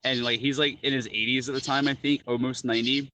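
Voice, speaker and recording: A man chatting casually, telling animated stories full of "like" and "dude". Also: medium pitch, fast talker, no echo, low-quality recording. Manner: animated storyteller, lots of "like" and "dude". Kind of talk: casual chat.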